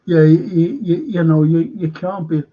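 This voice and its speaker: Man, fan stream host, rambling casual chat, husky and gravelly, dull lo-fi audio. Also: fairly high pitch, steady tone, moderate pace. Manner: rambling, reads viewer comments aloud.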